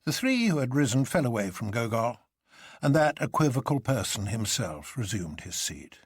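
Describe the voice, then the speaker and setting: Measured expressive male storyteller. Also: medium pitch, husky, dry recording, clean studio sound. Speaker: narrator. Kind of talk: scripted narration of a novel.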